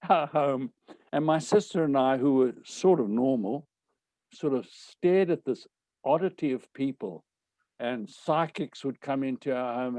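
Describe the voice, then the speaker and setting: An older man, telling anecdotes from his life in a wry, animated way. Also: medium pitch, no room sound. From South Africa. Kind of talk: storytelling talk.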